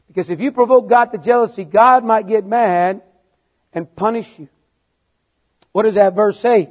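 A middle-aged man preaching a sermon, halting and repeating words, then building into emphatic refrains. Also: high voice, darkish tone.

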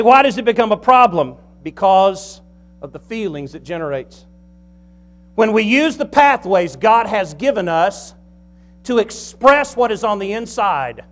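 A middle-aged man, a pastor preaching a folksy, humorous sermon. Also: sits high.

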